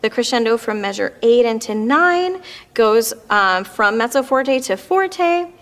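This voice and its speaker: A woman's voice: on the high side, expressive, unhurried, a bit bright. A woman teaching an oboe lesson, explaining patiently and with frequent fillers. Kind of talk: instructional music lesson.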